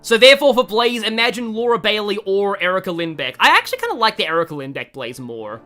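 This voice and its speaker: An Australian streamer rambles through casual gaming commentary, quick to poke fun at themself. The voice is bright and moves lively up and down, over faint game music. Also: mid-range voice. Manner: rambling, self-deprecating, many fillers.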